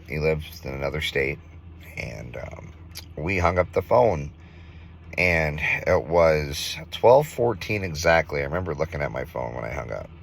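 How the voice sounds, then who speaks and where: A man in his thirties from Minnesota, earnestly telling a ghost story in a casual vlog, halting with fillers. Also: extremely low pitch, gravelly, slight background noise. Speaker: vlogger.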